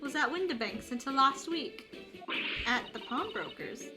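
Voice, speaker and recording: A woman voicing a bright, chatty young girl from a game, over game music. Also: high voice, lively intonation, unhurried. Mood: cheery.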